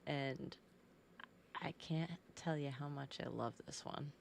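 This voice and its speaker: Woman, low voice, slow pace, chatty live-stream painter, greets viewers. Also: vocal fry, a little hiss or hum. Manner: chatty, greets viewers and talks to her cat. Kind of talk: casual live-stream chat.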